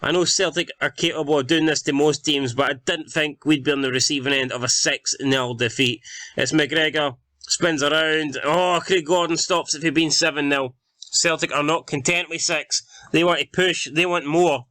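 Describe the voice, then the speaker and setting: A man's voice: fairly high pitch, steady tone, moderate pace, pushed and bright, no room sound. A young man commenting on his football management game, exasperated and swearing as he calls the action. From Scotland. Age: young adult. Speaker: gaming YouTuber playing a football manager game. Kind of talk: casual gameplay commentary.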